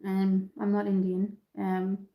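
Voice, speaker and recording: Speaking slowly in a monotone, a woman from Dublin with an Irish accent chats through a live makeup tutorial, answering viewer comments she reads out and saying um a lot. Her mid-range voice is dark-toned and a bit nasal from an oncoming cold, caught on a rough recording.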